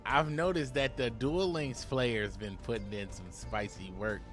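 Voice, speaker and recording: A man's voice: mid-range voice, measured pace, music in the background. A man giving casual, hyped-up commentary on a card game, full of slang and repeating "my boy". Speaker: gaming YouTuber.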